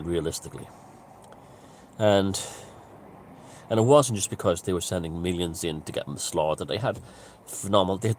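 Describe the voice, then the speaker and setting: A man's voice: low-pitched, darkish tone, slight background noise. A man giving a casual, rambling monologue, emphatic and full of restarts and asides. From Ireland. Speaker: author and commentator.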